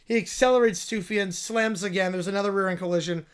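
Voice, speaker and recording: A livestream host, a man, narrating an improvised comedic story quickly and laughing at his own jokes. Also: high voice, smooth.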